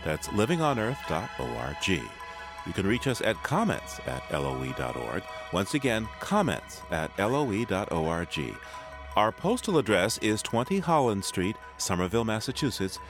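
Lively low-voiced male radio host. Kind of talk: scripted radio announcing.

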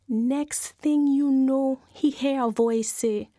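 A woman storyteller, telling a folk tale with lively, dramatic pacing. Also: high voice, slow pace, few pauses, no echo, studio quality. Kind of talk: animated oral folk storytelling.

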